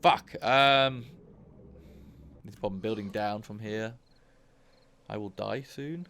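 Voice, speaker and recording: Male let's-play host, low and gravelly, casual thinking-aloud commentary with bursts of cursing. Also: moderate pace, a little mellow, a little hiss or hum. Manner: thinks aloud, grows frustrated and swears. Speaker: gaming channel host.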